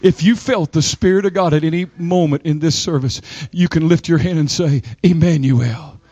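High-pitched emphatic male preacher. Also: mellow, no echo, lo-fi sound. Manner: emphatic preaching with dramatic pauses and rising pitch. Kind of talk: sermon.

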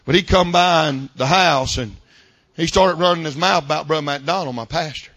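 A male pastor preaching a sermon in a church service, folksy, swinging between loud shouted climaxes and quiet asides. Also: a little high, moderate pace, no echo.

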